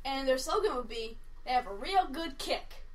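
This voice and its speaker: A woman on a podcast in casual group chat, telling excitable, giggly anecdotes. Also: high voice, moderate pace.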